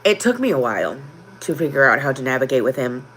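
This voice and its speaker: A woman hosting a casual livestream, talking openly and from the heart, with frequent ums and pauses. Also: extremely low pitch, very animated, slight background noise. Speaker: livestream host.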